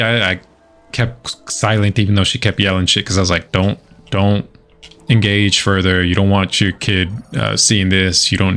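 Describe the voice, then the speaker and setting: A man's voice: sits low, a bit bright. A middle-aged man streaming a video game, telling a long story in casual chat, swearing freely and restarting his sentences. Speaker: gaming streamer. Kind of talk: casual livestream chat over gameplay.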